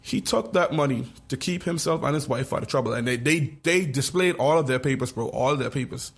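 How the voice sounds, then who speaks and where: A man co-hosting a podcast, telling a story in casual chat with lively slang. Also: mid-range voice, brisk, breathy edge. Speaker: podcast co-host.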